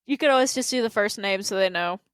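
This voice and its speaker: A woman's voice: medium pitch, fast, dry recording, studio quality. A woman co-hosting a podcast, telling stories casually and laughing often. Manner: laughs often, relaxed storytelling. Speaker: podcast co-host. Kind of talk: casual chat.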